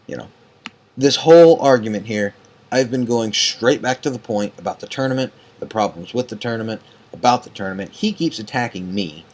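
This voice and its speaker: A man's voice: medium pitch, fairly quick, a little mellow. Tired, profane man ranting late at night. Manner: angry, profane, rambling with many fillers. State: tired and yawning. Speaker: online card game group admin.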